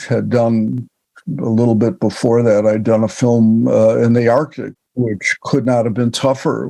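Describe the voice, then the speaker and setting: An older man, a film director, telling relaxed, wry anecdotes as a guest in an interview. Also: medium pitch, creaky, slightly rough, no echo. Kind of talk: storytelling in an interview.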